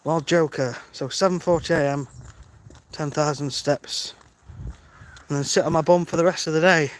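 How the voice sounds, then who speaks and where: Guy chatting on a phone while walking a village road at dawn, slow and kinda high, faint noise around. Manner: chatty, greets viewers by name. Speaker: vlogger on a live-streamed walk. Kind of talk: casual live-stream chat. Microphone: phone held while walking.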